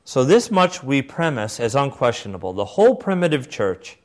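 A man reads in the part of a solemn elderly Victorian bishop with a put-on English accent. The voice rises well above his usual pitch and the pace slows, so each phrase sounds grave and declaimed. The tone stays steady and formal. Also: close to an everyday voice. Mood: solemn declaiming. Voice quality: slow, raised, declaiming reading voice.

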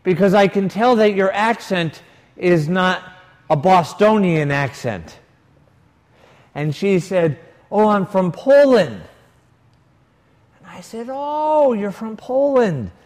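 Male priest, unhurried sermon delivery, lively storyteller, echoing church hall. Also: high-pitched. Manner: storytelling with quoted dialogue, varied emphasis. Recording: long reverb of a large hall.

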